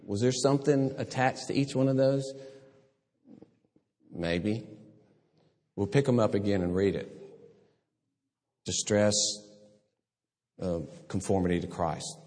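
An older pastor preaches a sermon in a lowish, slightly mellow voice, keeping a measured pace with long pauses. He tells stories, acts out voices and laughs, and a long hall reverb surrounds him.

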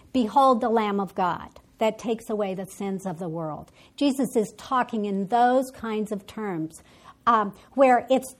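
Casting: woman Bible study teacher, slightly high voice, explains scripture while thinking aloud, restarting her sentences. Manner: thinks aloud with frequent restarts and self-corrections; paraphrases and quotes scripture in a teaching tone.

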